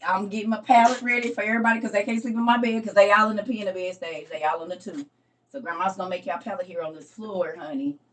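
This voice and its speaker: A middle-aged woman hosting a casual Bible study livestream, chatty and teasing, laughing often. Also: mid-range voice. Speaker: livestream host. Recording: voice from a distance from the mic.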